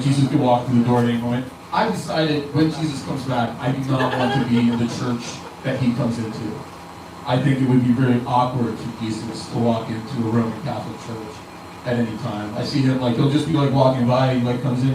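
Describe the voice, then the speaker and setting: Here the comedian's medium-pitched delivery is flat and a little fast as he rambles profanely, cutting himself off and restarting lines. It's an echoey comedy club picked up by a far-off mic, with crowd ambience and background noise.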